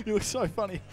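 A man commentating a live esports match, excitable and jokey, laughing often. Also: high voice.

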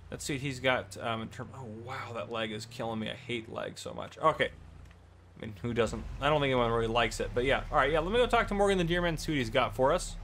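Male game commentator, relaxed and rambling, gravelly, light background noise. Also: medium pitch, fast. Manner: easygoing, rambling with many fillers. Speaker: gameplay channel host. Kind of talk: casual gameplay commentary.

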